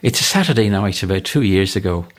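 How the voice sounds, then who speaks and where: A man's voice: sits low, lively intonation, fast. A man putting on a scrappy Irish ex-boxer. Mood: recounting.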